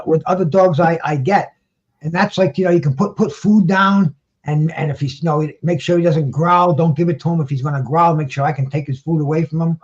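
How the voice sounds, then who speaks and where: A man with a somewhat high voice rambles through a casual chat, repeating and restarting his words and cursing offhand. His sound comes through dull and lo-fi, like a video call. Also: a little mellow. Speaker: guest on a boxing talk show.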